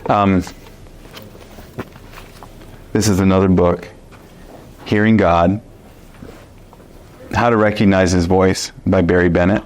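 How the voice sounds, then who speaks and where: Low-voiced man teaching Bible study. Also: slow, long pauses. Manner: animated storytelling, many fillers and restarts. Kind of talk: conversational Bible teaching with personal story.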